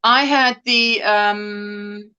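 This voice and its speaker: Woman, bright voice, keen and repetitive, casual co-host chat. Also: mid-range voice, fairly even intonation, drawn-out words, smooth, muffled recording. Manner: enthusiastic, repeats herself.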